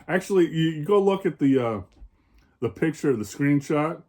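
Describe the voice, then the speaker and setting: A man's voice: fairly high pitch, moderate pace, a little mellow. A man vlogger ranting about bad drivers, profane, heated and sarcastic, from the American Northwest. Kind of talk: angry personal rant. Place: home in Oregon.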